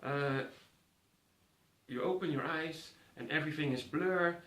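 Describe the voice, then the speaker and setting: A man's voice: a little high, a little slow, a bit bright. A man vividly telling a personal story to an audience, acting out the voices of others. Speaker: speaker. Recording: roomy echo.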